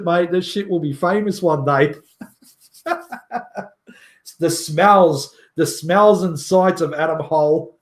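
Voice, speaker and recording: A man's voice: fairly high pitch, slow, long pauses, echoey room. A man hosting a casual livestream who jokes, boasts, swears casually and laughs often. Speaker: livestream host.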